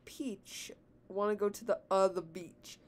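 A woman's voice: medium pitch, moderate pace, close to an everyday voice. Woman reading as a laid-back plumber hero.

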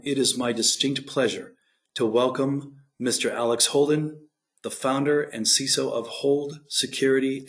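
A man in his fifties giving a formal introduction of a speaker at a conference. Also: mid-range voice. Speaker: event host.

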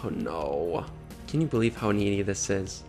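A man's voice: lowish voice, animated, normal speed, a little mellow, faint music behind. A man vlogging in casual commentary, sarcastic, mocking and exasperated.

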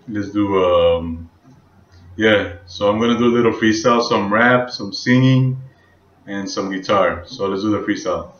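A man with a lowish voice speaks in a slow, halting, rambling way and fills his pauses with "um". He is recorded in an echoey room, and the sound is dull and lo-fi. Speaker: vlogger. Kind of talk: casual rambling vlog with freestyle singing.

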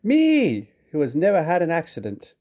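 A haughty, grumpy steam engine from a children's storybook, spluttering with indignation in a raised, mellow voice, as a man reads him out. Every word sounds offended and self-important. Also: fairly high pitch, huge pitch swings, normal speed, voice pushed up. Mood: huffy. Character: pompous proud male steam engine, grumpy.

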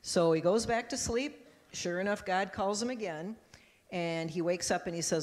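A woman pastor gives a children's message, telling the story with animation and putting on small voices for the characters. Her voice sits slightly low, and a handheld mic carries it into a church sanctuary with a long, lingering reverb. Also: moderate pace, a little mellow. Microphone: handheld microphone.

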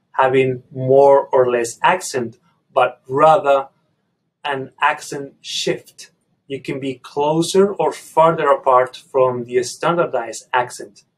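A man with a slightly husky voice explains language in an educational video. He speaks in a measured, deliberate way and builds his argument point by point. His pitch sits at an ordinary middle level. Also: poor audio.

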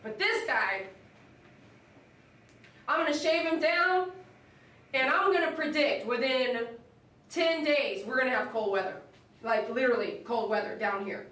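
A woman's voice: animated, measured pace, pauses often, fairly bright tone. Emotional woman groomer, echoey room. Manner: emotional, chatty, talks to dogs in a high coaxing voice. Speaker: dog groomer streaming live. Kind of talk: casual live-stream chat while grooming. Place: grooming shop. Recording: echoey room, mic at a distance, faint noise.

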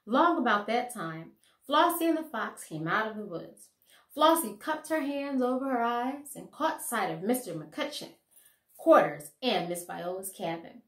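A woman teacher reading a children's story aloud with expressive storytelling, heard in an echoey room. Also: a little high, measured pace.

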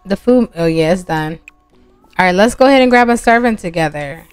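A woman's voice: lowish voice, animated, a little fast, smooth, no room sound. A woman hosting a gaming channel, chatting casually and laughing as she narrates gameplay to her viewers. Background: soft music.

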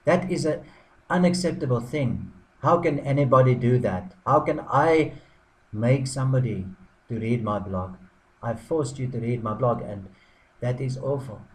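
Guy doing a dry sarcastic fake apology, stops and restarts a lot, middle pitch. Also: low-quality recording. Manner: deadpan irony, halting with many ums and restarts. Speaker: blogger. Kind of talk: sarcastic mock apology to camera.

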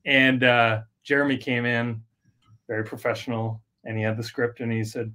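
A man's voice: medium pitch, little pitch movement, normal speed, sharp tone. Upbeat man telling studio stories. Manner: friendly, upbeat storytelling. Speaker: guest, animation director. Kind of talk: casual interview.

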